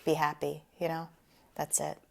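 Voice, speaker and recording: A woman in her forties with a light southern Rhode Island accent and a low, gravelly voice. She answers interview questions casually, pausing to think and filling gaps with ums. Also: monotone. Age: 40s. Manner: hesitant and thoughtful, with frequent ums.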